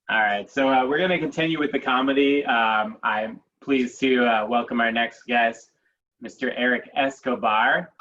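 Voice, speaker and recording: A man hosting an online comedy show, talking haltingly and laughing as he introduces the next comic. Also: medium pitch. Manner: halting, relaxed, laughs often. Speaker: show host. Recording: dull lo-fi stream audio.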